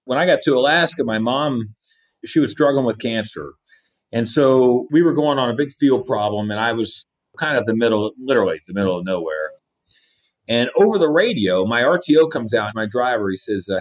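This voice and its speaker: A man in his fifties who commands an Army division tells personal stories during an interview, speaking earnestly and acting out the quoted dialogue. His medium-pitched voice is expressive and fast.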